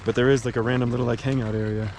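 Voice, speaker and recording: A man's voice: mid-range voice, little pitch movement, rapid-fire, darkish tone. A young man and thru-hiker, rambling in a laid-back, filler-heavy way as he narrates a hiking vlog outdoors. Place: outdoors on a mountain trail by a highway. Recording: outdoor noise, traffic and wind.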